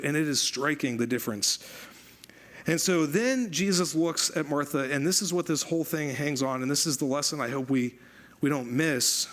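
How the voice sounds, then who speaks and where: Here a man gives a sermon from the pulpit as pastor, animated and chatty, using repetition to stress his points. The voice is fairly high and the tempo moderate.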